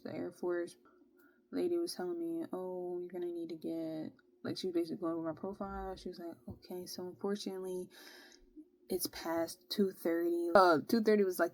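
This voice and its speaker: A young woman casually telling a long personal story, animated and exasperated, with plenty of slang. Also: lowish voice. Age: young adult. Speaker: vlogger.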